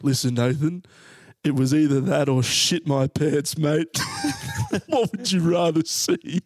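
A man voicing his stressed father as a blunt, gruff dad. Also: fairly high pitch, wildly swooping pitch, takes it slowly, a little mellow, no room sound, exaggerated voice.

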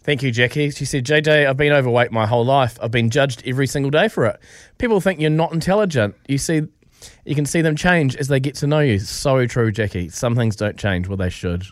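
A man's voice: medium pitch, a little fast, no echo, clean studio sound. A man co-hosting a radio show, chummy and agreeable, reading out listener texts. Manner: agreeable, chummy, says mate. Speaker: radio co-host. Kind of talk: radio talk show chat.

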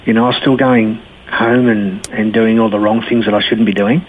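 A middle-aged man telling his life story to an interviewer, blunt and animated, acting out the people he quotes. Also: lowish voice, moderate pace, a little hiss or hum. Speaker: guest. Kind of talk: personal testimony in an interview. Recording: tinny phone-line sound.

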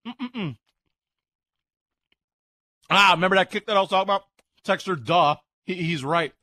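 A man on live radio tasting a sandwich and reacting with loud excitement, talking while he eats at home. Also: sits high, moderate pace, no room sound. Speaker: radio co-host. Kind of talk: live radio food review.

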